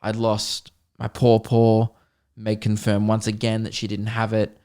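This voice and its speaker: A young man, hosting a podcast and telling a long comic story with animated, self-mocking, sweary mock-epic flair. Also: on the low side, unhurried, clear, resonant tone. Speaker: podcast host.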